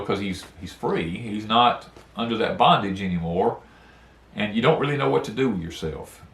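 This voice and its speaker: A man's voice: fairly low pitch, a bit bright, reverberant. Earnest man talking about grief. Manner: rambling, earnest, repeats words, Southern folksy phrasing. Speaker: homestead channel host. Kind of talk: casual heartfelt talk on grief. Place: porch outdoors.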